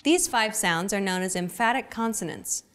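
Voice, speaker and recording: Woman, young adult, lesson host, scripted, upbeat coaching, lively pitch. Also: moderate pace.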